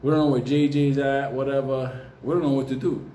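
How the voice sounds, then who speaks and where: A man tells a comic story in a profane, animated way, laughing often. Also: medium pitch, brisk, a little hiss or hum. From New York. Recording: roomy with faint ambience.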